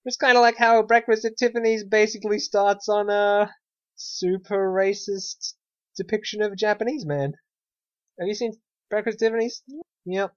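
A man's voice: high-pitched, steady tone, normal speed, no room sound. A man co-hosting a podcast, chatting casually with a wry, sarcastic edge, often trailing off and restarting. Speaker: podcast co-host. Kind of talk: casual chat. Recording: dull, dry lo-fi podcast audio.

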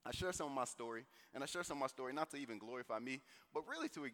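A man preaching a sermon in an animated, conversational way with slang. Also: medium pitch, rapid-fire. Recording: long hall reverb.

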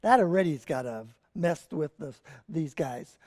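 Unhurried, animated preacher in a reverberant church hall; storytelling sermon with casual asides. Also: medium pitch. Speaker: pastor. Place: church sanctuary.

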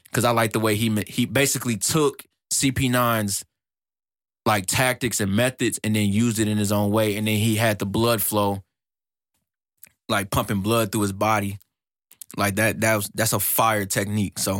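A man hosting a podcast in an excited casual monologue, slangy and animated, laughing often and jumping up in pitch when hyped, on a close mic in a small studio. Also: dry recording. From United States. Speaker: podcast host.

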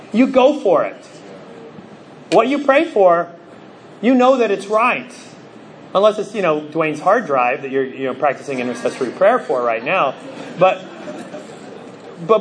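A male pastor preaching a sermon in a conversational, story-driven way, with lots of "you know" and sudden loud bursts for emphasis. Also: sits high, slight background noise.

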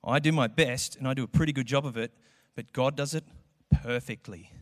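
A man's voice: mid-range voice, brisk. A man preaching a sermon in a church, conversational and acting out quotes. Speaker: pastor. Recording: echoey hall with long reverb.

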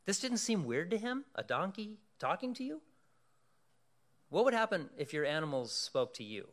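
A male pastor preaching a sermon, telling a story in an animated way and asking the congregation questions. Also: a little high, normal speed.

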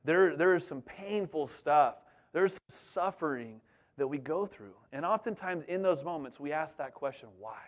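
A middle-aged man preaching as a pastor, telling a childhood story in a lively, conversational way full of asides to the congregation. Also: fairly high pitch, moderate pace. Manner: animated, conversational, repeats "you know what I'm saying". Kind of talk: storytelling sermon.

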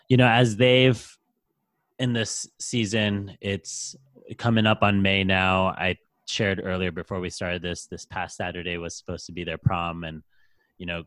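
A man's voice: deep voice, fairly bright tone, dry recording. A man hosting a casual podcast interview, reflective and encouraging as he asks questions. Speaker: podcast host, high school teacher.

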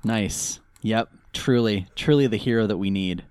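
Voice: mid-range voice, a little slow, a crowd in the background. A podcast co-host giving wry, joking commentary while recapping an episode. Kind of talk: casual recap chat.

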